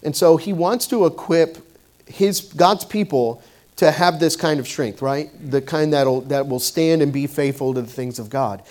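A man's voice: a little high, measured pace, darkish tone. A man preaching a sermon in a conversational way, telling a personal story with many fillers and restarts. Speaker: pastor.

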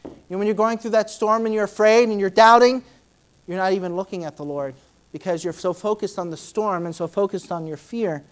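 A woman preaching a sermon in a conversational way, with many fillers, who acts out Bible scenes with sudden loud, high outbursts. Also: brisk. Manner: dramatic, acting out Bible scenes in shifting voices.

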